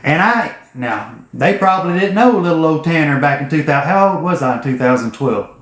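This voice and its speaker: A man's voice: on the high side, animated, a little fast. A man tells a story to camera in a blunt, folksy, profane way. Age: 40s. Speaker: vlogger. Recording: roomy echo.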